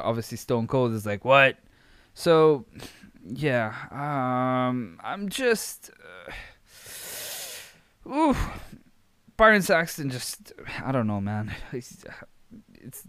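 Young male podcast host, casual rambling recap style, clear voice, dead-dry recording. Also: medium pitch, a bit bright, no echo. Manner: rambling, filler-heavy, amused.

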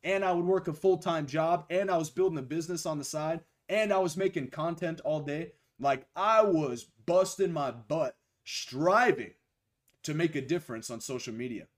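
A young man preaching a live-streamed sermon, a little hoarse from losing his voice, slowing down to stress key phrases and greeting viewers by name. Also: on the high side.

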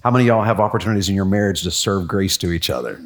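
A man's voice: sits low, very fast. A man leading a church class, folksy and encouraging, asking the room for verses. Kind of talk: interactive sermon.

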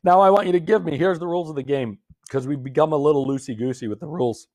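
This man's voice runs a little high and he talks at a quick clip. He's hosting a gratitude session live-streamed from his phone, offering viewers gentle coaching and replying to what they write.

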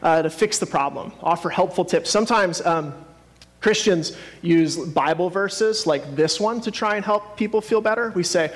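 High-voiced man preaching casually. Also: moderate pace. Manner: conversational, hesitant with many fillers and restarts. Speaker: pastor. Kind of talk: sermon.

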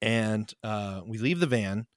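A young man hosting a podcast, telling band stories in a rambling, halting way. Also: fairly low pitch, expressive, no room sound, studio quality. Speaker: podcast host, band member. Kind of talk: casual chat, storytelling.

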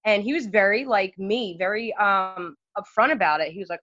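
A bright, forceful young woman tells a rambling story in casual chat, full of fillers and quick asides. The sound is dry and slightly dull. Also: mid-range voice, no room sound. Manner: animated, many fillers and asides.

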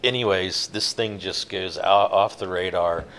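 A man telling a long fishing-boat story in a relaxed, rambling interview, with many fillers. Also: deep voice, unhurried. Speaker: guest, offshore fishing boat captain.

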